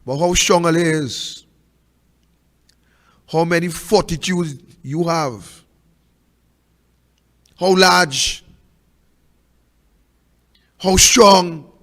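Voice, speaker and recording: A man with a Trinidadian accent hosting a political talk show, preaching impassioned commentary with repeated rhetorical questions, swinging from loud to hushed. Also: fairly high pitch, drawn-out words, long pauses, in a large hall.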